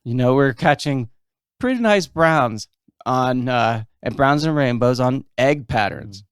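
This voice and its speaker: A man's voice: mid-range voice, expressive, unhurried, clean tone, no room sound, clean studio sound. A man telling a story in a casual podcast chat, acting out the quoted dialogue.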